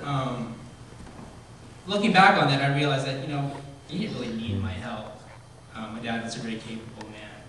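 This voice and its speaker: A man's voice: medium pitch, fairly bright tone, slight background noise. Man giving a eulogy in an echoey hall. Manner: storytelling, halting, with many ums. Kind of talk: eulogy told as personal stories. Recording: very echoey hall, voice from far off, faint ambience.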